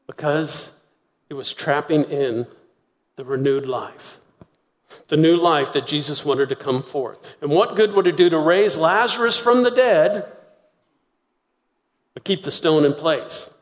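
Preacher guy giving a sermon, kinda high voice, acts out the voices, big hall echo. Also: measured pace, long pauses. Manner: animated storytelling, acting out voices. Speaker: pastor.

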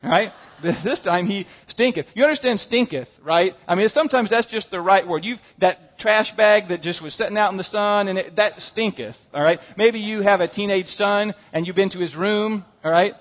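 A man's voice: sits high, moderate pace, hardly any pauses, a bit bright. Man preaching in a reverberant hall. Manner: conversational and humorous, asks "all right?". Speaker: pastor. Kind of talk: sermon. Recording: dull sound with long hall reverb.

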